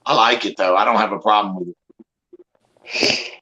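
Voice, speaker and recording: A man's voice: on the low side, fairly even intonation, normal speed, pushed and bright, slightly rough, highs cut off. A man with a Southern accent chatting casually on a group livestream, rambling and folksy, swearing freely.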